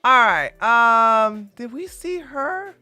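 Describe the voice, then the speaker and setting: A woman's voice: on the high side, expressive, slow, pushed and bright. A woman hosting a live-stream reaction podcast, taunting and laughing gleefully. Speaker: podcast host.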